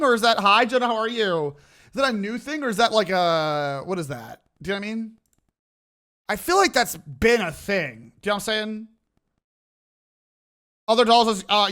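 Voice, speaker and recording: A male streamer reacting live with his chat, excitable, stumbling over his words and restarting often. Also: high voice.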